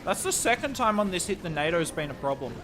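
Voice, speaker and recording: A young Australian man commentating a strategy game live on stream, with excitable play-by-play and chatty asides to his viewers. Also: high voice, quick pace, background noise.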